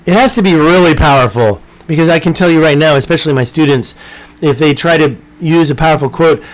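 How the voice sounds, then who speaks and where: A man's voice: a little high, rough recording. A man teaching an informal online English lesson, rambling and talking to himself as he edits his slides. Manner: rambling, talks to himself while editing slides.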